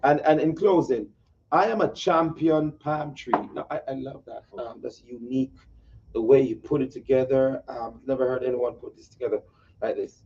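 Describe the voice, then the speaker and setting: A Jamaican-accented man hosts the interview in an agreeable, affirming way, speaking at a medium pitch. His voice comes from a distance through a dull, muffled recording. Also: normal speed, darkish tone, slight background noise. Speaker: host. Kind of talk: interview talk.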